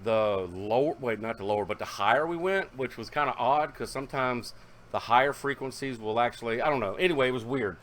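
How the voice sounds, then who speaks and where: A car audio hobbyist narrates a casual vlog, rambling along with fillers and correcting himself as he goes. His voice is mid-range and fairly bright, and he talks fairly quickly.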